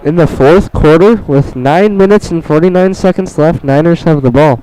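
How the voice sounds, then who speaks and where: A man's voice: fairly high pitch, moderate pace, dark tone, poor audio. A young man doing casual live play-by-play commentary at a wrestling match, laughing often and bantering between calls.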